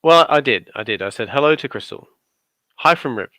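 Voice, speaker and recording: Aussie guy doing jokey commentary on a craft stream, bright voice, dry close sound. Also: medium pitch, animated, fairly quick, no echo. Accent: Australian. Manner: playful, teasing, dry asides. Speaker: guest commentator on a craft livestream. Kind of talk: casual joking livestream commentary.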